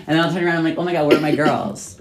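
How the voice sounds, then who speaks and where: A young man, a tipsy podcast co-host, telling a rambling, animated story full of swearing. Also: on the high side, very fast. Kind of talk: casual storytelling chat.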